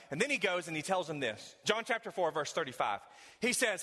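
A man preaching a sermon in a large church hall, swinging between loud emphasis and hushed tones. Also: on the high side, big pitch swings, brisk. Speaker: pastor. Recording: long hall reverb.

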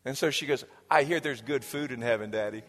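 A pastor in his forties preaching a sermon, moving between raised passages and hushed, whispered lines. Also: mid-range voice, brisk, slight background noise. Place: church sanctuary. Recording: church hall reverb with soft music.

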